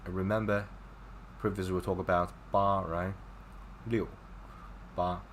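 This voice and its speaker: A man's voice: sits low, level tone, unhurried, a little hiss or hum. A man teaching a casual online language lesson, chatty and encouraging, explaining with gestures and repeated examples. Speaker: Chinese teacher.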